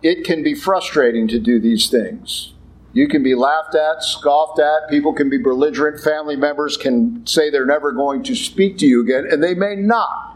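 A man with a fairly high voice preaching in a church. He talks plainly and bluntly, like a conversation, and slips into other voices for the people he quotes. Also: normal speed, poor audio. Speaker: Catholic priest. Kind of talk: sermon.

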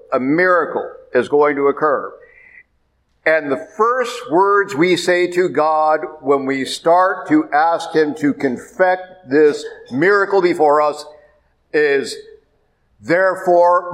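A man preaching a sermon as a priest, emphatic and repeating his points. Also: fairly high pitch. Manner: emphatic, repeats points, rises sharply when pressing.

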